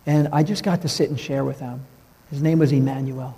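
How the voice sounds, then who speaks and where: A man preaching a sermon, telling stories in an earnest way and dropping his voice low for the tender parts. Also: steady tone, fairly quick, husky. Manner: storytelling, earnest, drops to a hush for tender moments. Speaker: pastor. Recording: reverberant hall.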